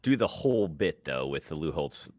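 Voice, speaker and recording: A man's voice: a bass voice, very animated, normal speed, darkish tone, dry recording, studio quality. Playful, teasing podcast co-host, man. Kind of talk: casual sports podcast banter.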